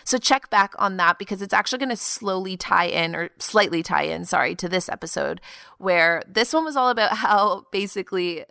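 A woman's voice: medium pitch, animated, normal speed, gravelly, smooth, no room sound, studio quality. A woman in her twenties hosting her own podcast, talking in an earnest, confiding way. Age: 20s. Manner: earnest and confiding, laughing softly now and then. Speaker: podcast host. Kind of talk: reflective solo podcast talk.

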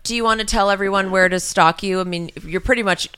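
A woman's voice: medium pitch, fairly even intonation, fast talker, pushed and bright, smooth. Blunt joking woman podcast co-host. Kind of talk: casual comedic chat.

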